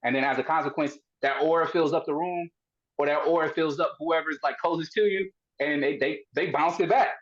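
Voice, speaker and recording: A man's voice: on the high side, steady tone, fairly quick, lo-fi sound. A man hosting a podcast, asking long, probing questions in casual chat and often restarting his sentences. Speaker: podcast host.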